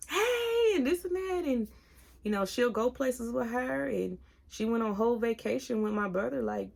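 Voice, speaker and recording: A woman in her thirties talking openly in a personal vlog, earnest and halting, at times giving direct advice to viewers. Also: medium pitch, creaky, a little mellow. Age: 30s. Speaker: single mom vlogger.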